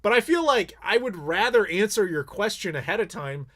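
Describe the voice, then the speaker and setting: A man with a somewhat high voice chats casually with his viewers during a live Q&A stream. He is candid and blunt, swears freely and tells his stories in an animated way. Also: normal speed. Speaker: YouTuber host.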